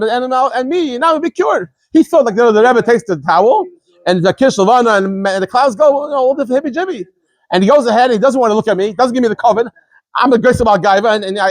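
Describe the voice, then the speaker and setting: A man, a rabbi, giving an informal Torah lesson, explaining quickly and animatedly, often stumbling and repeating words as he goes. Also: sits high, no echo. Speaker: rabbi teaching a daily scripture class.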